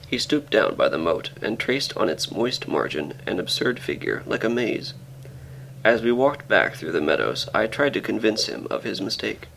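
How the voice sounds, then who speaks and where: A man reading a classic short story aloud as scripted narration, in a measured, expressive way. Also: lowish voice, gravelly, slight background noise, poor audio. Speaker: audiobook reader.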